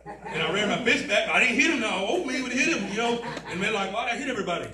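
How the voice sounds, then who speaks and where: This high-voiced man is animated and quick as he gives a personal testimony at a mission, speaking conversationally with frequent "man" and "you know what I mean." Crowd noise can be heard. The recording is echoey, with him far from the mic in a roomy mission chapel.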